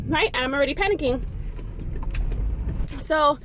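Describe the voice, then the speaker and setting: High-voiced, dramatic woman vlogger. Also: expressive, normal speed, long pauses, a bit bright. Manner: dramatic, mixes in Spanish phrases, acts out others. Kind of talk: animated storytime vlog. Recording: faint background noise.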